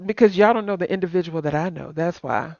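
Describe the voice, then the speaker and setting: A woman's voice: fairly low pitch, animated, fast, gravelly, darkish tone, dry recording, lo-fi sound. Blunt sleepy woman host. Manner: blunt and emphatic, swearing. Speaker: stream host. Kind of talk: casual live-stream chat.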